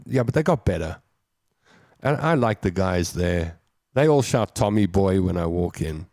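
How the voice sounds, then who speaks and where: A man's voice: low voice, lively intonation, measured pace, a little mellow, dry recording, studio quality. A man with a South African accent hosting a show, casually chatting and joking as he reads out viewer comments. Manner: chatty, jokey, reads comments aloud and riffs on them. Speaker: host.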